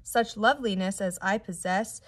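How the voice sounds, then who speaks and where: A woman's voice: mid-range voice, moderate pace, natural voice. A woman voicing a vain, spiteful aunt who boasts in sing-song rhyme, in a storybook reading. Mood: boastful.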